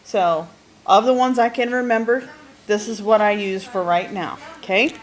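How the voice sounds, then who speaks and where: At home, a woman casually shows off her kitchen appliances, chatting with viewers and repeatedly checking in with "okay?" like a home cook vlogger. Her mid-range voice moves at a moderate pace, though the audio is poor.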